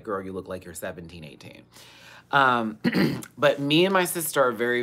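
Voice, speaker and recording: A young woman hosts a live Q&A, telling a story on the livestream in a sassy, profane, dramatic way punctuated by bursts of laughter. Her voice rumbles low with a fairly bright tone.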